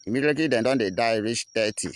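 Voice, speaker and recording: A man's voice: mid-range voice, fast talker. A man with a Nigerian accent giving an impassioned broadcast address as an activist, in a preaching, repetitive chanting cadence.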